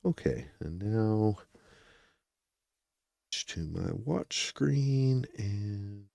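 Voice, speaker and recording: A man's voice: fairly low pitch, lively intonation, extremely slow, creaky, mellow, no room sound, studio quality. A man hosting a true crime livestream, chatting casually and rambling as he talks to his viewers.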